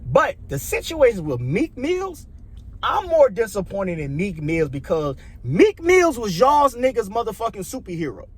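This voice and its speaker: Animated Chicago man ranting profanely. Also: high-pitched, a little slow, breathy edge. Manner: loose, profane, repeats himself, rambling. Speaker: vlogger. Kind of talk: casual opinion rant.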